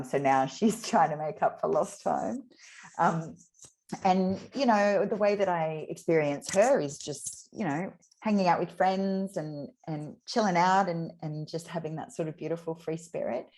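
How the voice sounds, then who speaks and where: A woman, reflecting candidly in an interview, often pausing and restarting her sentences. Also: fairly low pitch, a little mellow. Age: 30s. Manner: reflective, halting, with many restarts.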